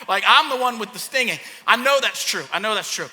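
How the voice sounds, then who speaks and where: A man who is a pastor and a parent, preaching a sermon and acting out a childhood story with lively energy. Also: extremely high pitch, fast talker, hardly any pauses. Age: young adult to middle-aged, a parent. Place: church hall. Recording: long hall reverb.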